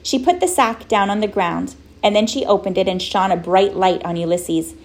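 A woman narrating a children's storybook in a gentle, wry way. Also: mid-range voice, normal speed. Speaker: audiobook narrator.

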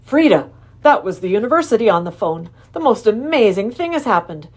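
A brisk, skeptical middle-aged father talking over the Sunday paper, as a woman reads him aloud. His voice moves about a lot, with a doubtful edge to it. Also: a little high, big pitch swings. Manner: brisk, doubtful, then quietly proud.

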